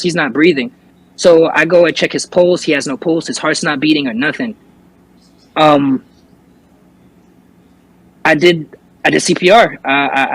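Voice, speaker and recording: A man's voice: a little high, fairly bright tone, poor audio. Rambling young man telling a story. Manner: rambling, many fillers and restarts. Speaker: interview guest, recording artist and streamer. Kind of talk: casual storytelling.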